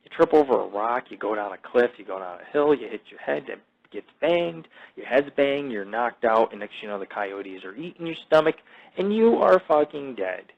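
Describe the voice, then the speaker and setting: A man's voice: mid-range voice, lively intonation, normal speed, gravelly. A man hosting a podcast, telling crude stories in a boastful, profane, rambling way full of fillers. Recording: dull lo-fi audio.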